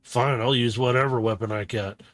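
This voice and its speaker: A grudging, wary robot fighter, as a game master voices him, pushes back in tense bursts. The voice sits in a plain middle range. The sound is dry and close. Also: male voice, mid-range voice, steady tone, normal speed, a bit bright, no room sound, lightly acted. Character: gruff, wary male robot warrior.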